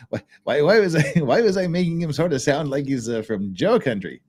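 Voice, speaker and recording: A man's voice: on the high side, animated, fairly quick, a little mellow, breathy edge. A man hosting a casual livestream chat, reading viewer messages with frequent laughs, restarts and a rambling manner. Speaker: channel host.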